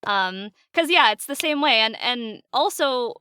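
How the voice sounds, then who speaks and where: A woman voice actress chatting as a guest on a podcast, animated and laughing often. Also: a little high, unhurried, smooth, no room sound, clean studio sound. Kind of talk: casual podcast interview.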